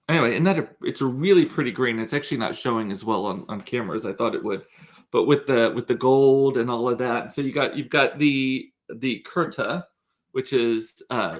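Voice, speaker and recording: A young man tells a story to his camera in a loose, chatty way. He rambles and circles back, dropping ums and restarting his sentences as he goes. His voice sits at an ordinary middle pitch. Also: moderate pace. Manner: chatty, rambling, with many fillers and self-corrections. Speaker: vlogger. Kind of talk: casual storytelling vlog.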